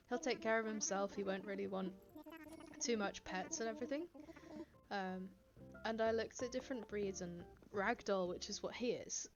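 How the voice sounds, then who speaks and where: Chatty woman streamer at her desk mic, giggly and relaxed, audio slightly muffled. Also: medium pitch. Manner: chatty, giggly, reads chat aloud. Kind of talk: casual live-stream chat. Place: home, indoors. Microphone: desk microphone.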